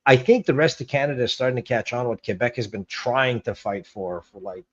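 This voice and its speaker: A man's voice: mid-range voice, fairly quick. A man co-hosting in casual banter, laughing often and stumbling over restarts as he jokes. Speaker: guest co-host. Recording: dull lo-fi sound.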